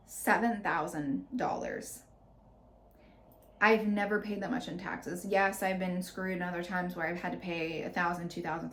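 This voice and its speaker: Candid woman podcaster telling a story. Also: medium pitch. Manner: candid, animated retelling with many fillers. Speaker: podcast host. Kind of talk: personal storytelling monologue. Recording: roomy echo.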